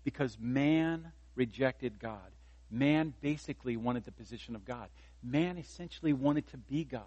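A man's voice: mid-range voice, normal speed, a little mellow, dry recording, dull audio. A man in his fifties, a pastor preaching a sermon in a conversational way, raising his voice for emphasis and joking at his own expense. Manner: conversational preaching, rising for emphasis, self-deprecating humor.

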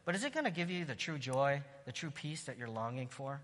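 A man's voice: mid-range voice, big pitch swings, fairly quick. Preaching man in an echoing hall. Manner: rises to loud exclamations of praise. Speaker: pastor. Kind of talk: sermon.

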